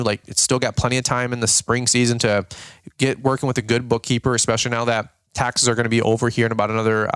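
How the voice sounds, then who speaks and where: A man's voice: mid-range voice, fairly bright tone, smooth, dry recording. A man hosting a lawn care business channel, giving viewers a casual, rambling update full of "dude" and "okay?".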